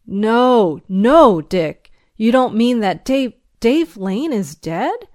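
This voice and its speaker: A woman's voice: fairly high pitch, sing-song, unhurried, no room sound, studio quality, voice pushed up. A woman voicing a desperate jailed moonshiner. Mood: anguished. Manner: pleading, raised voice.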